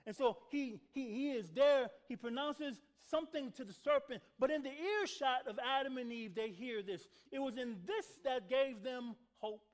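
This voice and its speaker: A man's voice: extremely high pitch, moderate pace, few pauses. A man preaching a sermon as pastor of a church, calling out to the congregation for responses and repeating words for emphasis. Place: church sanctuary.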